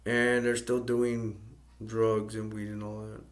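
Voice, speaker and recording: A man from the United States casually recapping a film's plot in a flat, rambling way. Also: lowish voice, slow. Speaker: movie reviewer.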